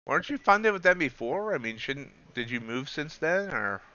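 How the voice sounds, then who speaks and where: A man's voice: on the high side, big pitch swings, moderate pace, sharp tone, no room sound, highs cut off. A man hosting a live trading stream, chatting casually and self-deprecatingly while calling out prices as they move. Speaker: livestream host and futures trader. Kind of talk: casual live market commentary.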